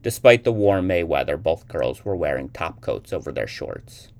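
Male narrator, very deep, gravelly, lively pitch, reading a story. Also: moderate pace. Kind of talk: reading a short story aloud.

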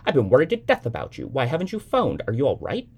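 A man's voice: medium pitch, wildly swooping pitch, quick pace, breathy edge, pitched above the performer's own voice, heavily acted. A man voicing a fretful, nagging middle-aged mother on the phone, pressing her questions insistently. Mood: anxious.

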